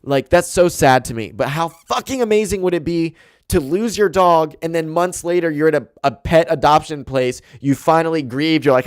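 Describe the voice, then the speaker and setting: A young man hosting a solo podcast at home, rambling casually, swearing a lot and getting excited. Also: a little high, moderate pace, smooth, dry recording, studio quality. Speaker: podcast host. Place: home room with dog and carpet. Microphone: desk mic and camera.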